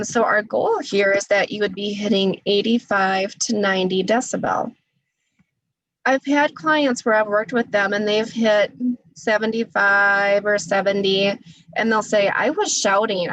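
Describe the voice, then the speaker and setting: A woman speech therapist teaching an online class, talking deliberately and encouragingly, her voice a little scratchy from talking. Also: mid-range voice, dry recording. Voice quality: says she naturally has a quiet voice. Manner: deliberate, encouraging, demonstrates loud vocal drills. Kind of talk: webinar instruction with voice exercises.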